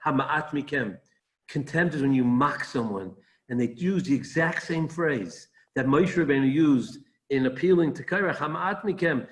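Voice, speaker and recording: A man, a rabbi, giving a Torah talk, animated and rising sharply when quoting mockery, with frequent restarts and repeated words. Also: medium pitch.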